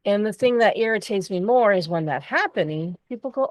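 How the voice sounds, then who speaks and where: A woman's voice: mid-range voice, expressive, a little fast, no echo. A woman co-hosting a podcast, talking candidly and expressively in casual chat, swearing freely. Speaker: podcast co-host.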